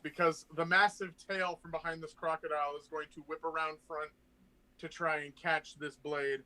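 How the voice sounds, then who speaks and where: A tabletop player, a man with a bright, forceful voice and a slightly high pitch. He narrates his character's brutal attacks with animated glee. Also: normal speed. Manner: animated, gleeful, describes attacks vividly. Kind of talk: playing a tabletop game online.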